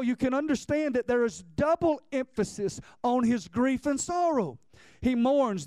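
A man preaching a sermon in a high, smooth, resonant voice. He speaks with passion, doubling back on words and drawing out key phrases. The sound is dry and close. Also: darkish tone, dry recording. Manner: impassioned, repeats words and phrases.

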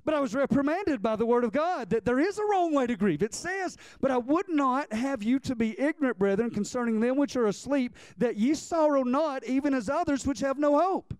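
Man, preacher, sermon, high voice, impassioned, repeats himself, dry close sound. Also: animated, fairly quick, few pauses, darkish tone, smooth, dry recording. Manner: impassioned, repeats words and phrases.

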